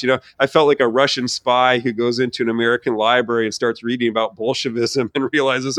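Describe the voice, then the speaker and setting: A middle-aged man, a theology professor, telling his personal faith story in an earnest, animated way with many restarts. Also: mid-range voice, quick pace, few pauses, no room sound. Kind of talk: conversational personal testimony.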